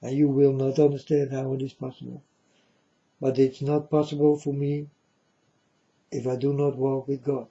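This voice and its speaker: This man delivers a preachy, emphatic talk to viewers in broken English that isn't his native language, repeating points and often asking if they understand. His mid-range voice has little pitch movement, a normal speed with frequent pauses, and a dark tone on lo-fi audio.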